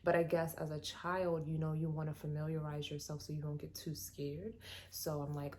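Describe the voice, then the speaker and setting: Woman vlogger, lowish mellow voice, chatty storytime delivery. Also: normal speed, slight background noise. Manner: casual, animated, many fillers. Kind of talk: storytime vlog.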